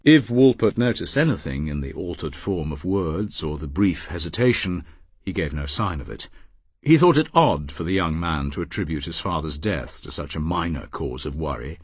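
A man narrating an audiobook with a husky, low voice that moves widely in pitch. His reading is expressive and dramatic. He is heard dry and close on a studio mic. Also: moderate pace, dry recording.

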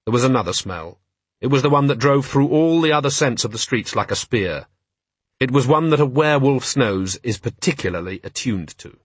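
A man narrating an audiobook in a measured, wry storytelling manner. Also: medium pitch, breathy edge, no room sound. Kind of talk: scripted narration.

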